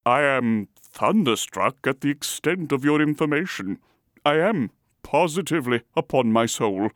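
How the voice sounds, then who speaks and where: A man voicing a fussy, fatherly old gentleman in an audiobook reading, his voice raised and thin. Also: medium pitch, lively intonation, a little slow, no echo, clean studio sound, pitched above the performer's own voice. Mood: blustering.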